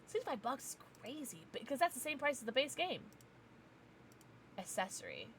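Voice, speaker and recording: A young American woman chats on a livestream, her voice bright and forceful. She rants animatedly and laughs often. A faint noise sits under the recording. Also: high voice, normal speed. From United States. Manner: animated, ranting, laughing often, talks to pets. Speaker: streamer. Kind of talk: casual livestream chat with viewers.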